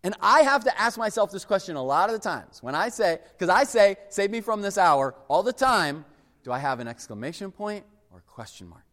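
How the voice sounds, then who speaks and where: Guy preaching, high voice that swoops all over, big echoey hall. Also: brisk. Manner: animated, emphatic preaching with sudden drops to quiet. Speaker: pastor. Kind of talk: sermon.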